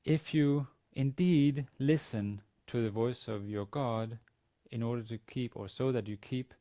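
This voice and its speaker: In a mid-range voice with a dark tone and a measured pace, a man lectures on Biblical Hebrew at university. He works methodically, reading sentences aloud, translating them, and explaining the grammar one step at a time.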